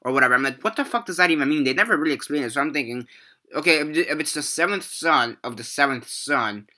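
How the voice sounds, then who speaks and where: Young male movie reviewer, very bright edgy voice, rambling and profane, casual rant. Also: on the high side, expressive, fast.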